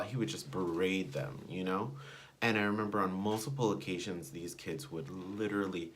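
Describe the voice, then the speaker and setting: Young male vlogger, low register, digressive, filler-heavy storytelling. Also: a bit bright, a little hiss or hum. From United States. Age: young adult. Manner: rambling, digressive, with many fillers. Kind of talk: personal storytelling to camera.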